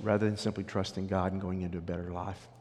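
A man's voice: sits low, flat delivery, fast talker, darkish tone, slight background noise. A male pastor preaching a sermon and storytelling with animation, speaking directly to the congregation. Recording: long hall reverb.

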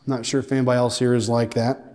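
A man preaching a sermon as a pastor, building intensity with emphatic, drawn-out phrases. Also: mid-range voice, little pitch movement, darkish tone. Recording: long hall reverb.

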